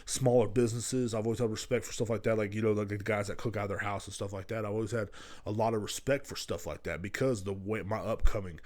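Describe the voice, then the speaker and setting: A man's voice: lowish voice, fairly even intonation, fast talker, a little mellow. Brief: young male solo podcaster, casual and profane, rambles loosely. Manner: rambling, profane, jumps between stories. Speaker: podcast host.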